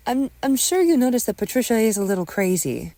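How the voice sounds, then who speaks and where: A woman voicing a suspicious, hot-tempered young woman who shouts and snaps in a narrated audio story. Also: a little high, sing-song, fairly quick, no echo, voice pushed up. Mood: hostile. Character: fierce, suspicious young woman, quick to yell.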